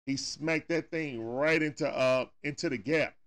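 A man's voice: on the high side, unhurried, a bit bright. A man with a Southern US accent hosting a casual watch-party stream, calling the plays live and talking straight at the players in folksy turns of phrase. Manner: talks straight at the players, coaching and groaning. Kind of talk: casual live play-by-play commentary.

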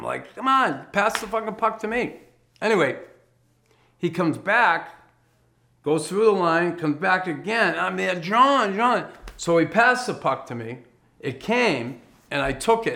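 A man's voice: mid-range voice, vocal fry, a bit bright. A man, a former pro hockey player, telling his life story in a casual, blunt way, swearing freely and chuckling as he goes. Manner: blunt, profane, chuckles while telling stories.

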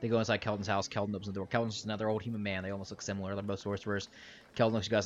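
A man's voice: on the low side, flat delivery, very fast, lo-fi sound, a little hiss or hum. A man narrating a tabletop game as game master, casual and joking with his players. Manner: casual, swearing, laughing with players.

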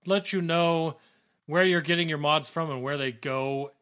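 A man with a slightly raised pitch and a bright tone rattles off ideas in long run-on sentences. It is casual podcast banter and he laughs easily. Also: measured pace, clean tone. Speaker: podcast co-host. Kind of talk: casual gaming podcast chat.

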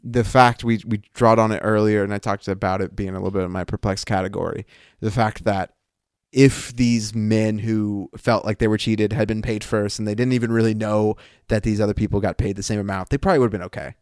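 A man's voice: lowish voice, steady tone, brisk, smooth, no echo, clean studio sound. A man co-hosting a casual Bible discussion podcast, thinking aloud and often breaking off to restart his sentences. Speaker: podcast co-host.

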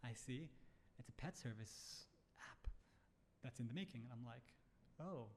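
A man's voice: mid-range voice, expressive, normal speed, a little mellow, a little hiss or hum. A man, a startup founder, telling a story in casual chat, acting out quotes and swearing freely. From Bahrain.

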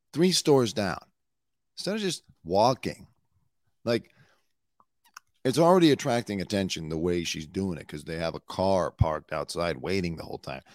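A man hosting a casual comedy news show, talking bluntly in a hoarse voice, swearing and drifting into asides. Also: lowish voice, a little mellow, no room sound, clean studio sound. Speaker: show host and former celebrity news producer.

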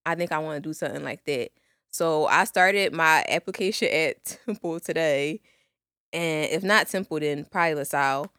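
A woman's voice: low-pitched, moderate pace, a bit bright, smooth, no echo, studio quality. A woman in her twenties co-hosting a podcast, chatting loosely with slangy asides and laughs. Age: 20s. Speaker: podcast co-host. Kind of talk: casual chat.

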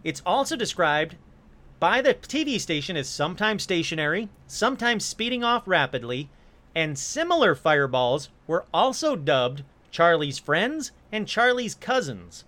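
A man hosting a casual storytelling monologue, animated and joking, with quick asides and apologies. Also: high voice. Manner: animated, jokey asides, puts on silly voices briefly. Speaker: host.

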